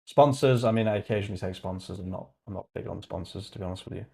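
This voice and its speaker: Joking man on a livestream, lowish voice. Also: racing, creaky, warm tone, husky. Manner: joking, laughs at his own jokes. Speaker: channel host. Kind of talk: casual livestream chat.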